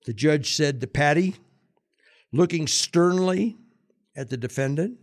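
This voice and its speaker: A man's voice: a little high, a little slow, pauses often. A man hosting a radio segment, telling history and jokes in a chatty, jokey way. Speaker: radio host. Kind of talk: casual storytelling and joke-telling.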